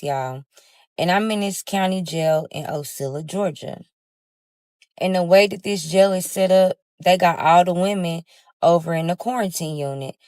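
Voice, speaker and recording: Woman with a lowish voice telling a storytime, dramatic, talks right to the viewers, dry close sound. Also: a little mellow, no echo. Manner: dramatic, talks straight to viewers, swears freely. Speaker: storyteller recounting her own life. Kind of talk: casual storytime monologue.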